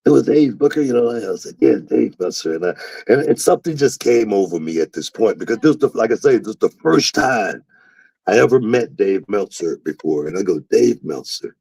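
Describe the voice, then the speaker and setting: Podcast host, male, deep voice, lively storyteller who acts out what others said. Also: a little fast, slightly rough, no echo, low-quality recording. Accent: Southern US. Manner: animated storyteller, acts out quotes with jumps in pitch. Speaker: podcast host, former wrestler. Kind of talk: casual storytelling.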